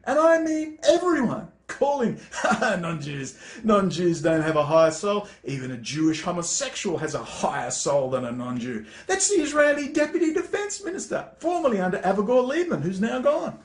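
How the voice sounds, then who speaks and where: Angry high-voiced man ranting. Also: sing-song, moderate pace. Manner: angry, exasperated, swears often. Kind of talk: ranting monologue. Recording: echoey room.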